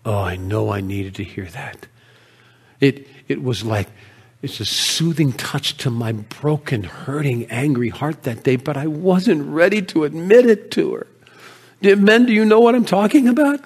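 Grieving shepherd guy from old bethlehem, played by a man, emotional, goes hushed a lot, voice on the higher side. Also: animated, measured pace, slightly rough, heavily acted. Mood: earnest. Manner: emotional storytelling, drops to hushed tones. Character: grieving proud male shepherd of ancient Bethlehem. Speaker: actor in a dramatic monologue. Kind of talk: first-person biblical character monologue.

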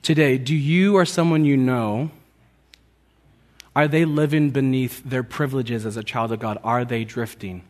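A man preaching a sermon, telling a parable with lively acted-out lines and dropping soft on key points. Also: normal speed. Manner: animated storytelling, acting out quoted lines with rising pitch. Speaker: pastor.

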